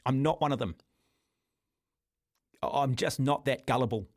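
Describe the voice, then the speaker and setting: A man's voice: mid-range voice, normal speed, dry recording, clean studio sound. A man with a New Zealand accent hosting talkback radio, blunt and combative, often calling his caller mate. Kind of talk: opinionated talk radio. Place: radio studio.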